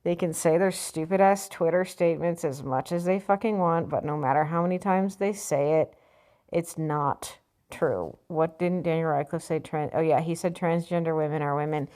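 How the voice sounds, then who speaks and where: Woman vlogger, slightly low voice, blunt and scornful, reads an article aloud and picks it apart. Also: normal speed, a little mellow. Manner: blunt, sarcastic, profane ranting. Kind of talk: opinion vlog reading an article.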